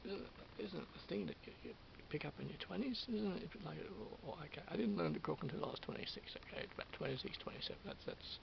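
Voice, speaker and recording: A man's voice: a little high, animated, quick pace, creaky. An Australian man in his fifties rambling through a solo vlog, often restarting and repeating himself. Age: 50s. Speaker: vlogger. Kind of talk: rambling monologue. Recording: dull lo-fi with hiss.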